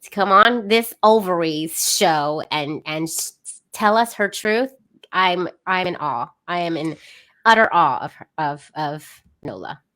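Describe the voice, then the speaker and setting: A woman's voice: on the low side, expressive, a little slow, fairly bright tone. A woman co-hosting a podcast in casual chat, enthusiastic, repeating phrases for emphasis. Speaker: podcast co-host.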